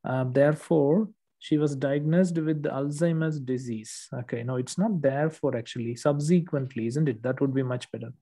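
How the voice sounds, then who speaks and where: Patient male tutor, dark mellow tone. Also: mid-range voice, moderate pace. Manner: patient, explanatory, frequent "okay" checks. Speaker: English test tutor. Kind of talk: one-on-one correction lesson.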